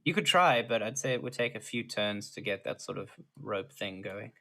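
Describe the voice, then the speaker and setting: A man narrating as game master of a tabletop game, explaining rules in a relaxed way and laughing easily. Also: fairly low pitch, moderate pace, vocal fry.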